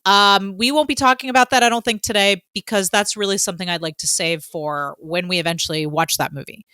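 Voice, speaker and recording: A woman co-hosting a podcast in casual chat, an excitable fan who gushes and fills her talk with "um". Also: mid-range voice, brisk, smooth, dry recording. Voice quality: excitable, gushing fan with many fillers. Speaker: podcast co-host.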